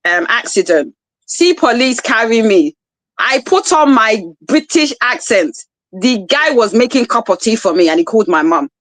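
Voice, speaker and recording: A woman's voice: mid-range voice, fairly bright tone, dry recording, low-quality recording. A woman on a casual panel chat, a passionate speaker who tells stories with chatty asides. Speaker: panel guest.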